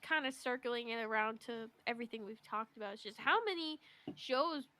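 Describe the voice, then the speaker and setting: Young podcast woman, bright higher voice, halting and earnest, lots of ums. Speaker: podcast co-host. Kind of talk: casual chat.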